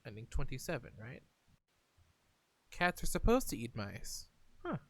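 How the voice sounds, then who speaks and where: A man's voice: mid-range voice, sing-song, unhurried, a little hiss or hum. A male streamer reading a text adventure aloud in a theatrical way, with playful asides between passages. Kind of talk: reading a text game aloud while playing.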